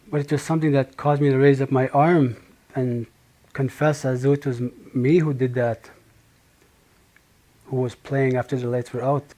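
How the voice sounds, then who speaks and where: A middle-aged man from Manitoba tells his own story as testimony. His voice is mellow and dark, at an ordinary pitch. He speaks slowly and reflectively, pausing and restarting often. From Manitoba, Canada. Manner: slow, halting, reflective with pauses and restarts. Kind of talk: personal testimony.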